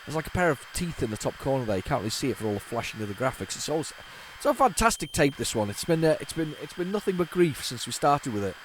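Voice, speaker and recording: A man's voice: a little high, big pitch swings, fast, few pauses, rough recording. Chatty rambling man, faint background hiss. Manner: chatty, rambling, stumbles and restarts, talks to viewers. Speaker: retro gaming video host. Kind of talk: casual running commentary.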